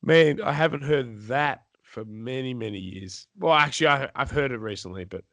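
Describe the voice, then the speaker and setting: A man co-hosting a podcast, relaxed and chatty, swearing casually and laughing along. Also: mid-range voice, moderate pace, dry recording. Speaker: podcast co-host. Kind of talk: casual banter.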